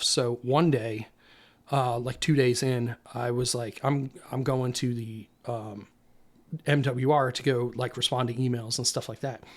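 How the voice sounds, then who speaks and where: A young man, a Marine veteran, recounting his deployment in a candid, rambling way, full of fillers and acted-out dialogue. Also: medium pitch. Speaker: Marine infantry veteran guest. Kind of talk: casual storytelling interview.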